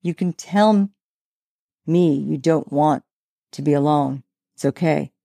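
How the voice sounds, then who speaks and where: Woman reading as a terse, gruff young man. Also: sits low, measured pace, warm tone, no room sound, studio quality, exaggerated voice. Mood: tense. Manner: terse, swearing. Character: young man, old friend, tense and gruff.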